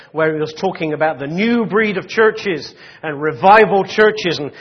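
Guy preaching a sermon, kinda husky high voice, chatty, lots of "you know", muffled lo-fi sound. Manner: conversational preaching with many restarts and "you know". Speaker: pastor.

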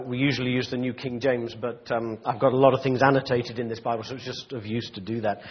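A man's voice: medium pitch, husky, muffled recording. A man preaching a sermon in a conversational way, full of restarts and "you know" asides, reading and explaining scripture. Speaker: pastor.

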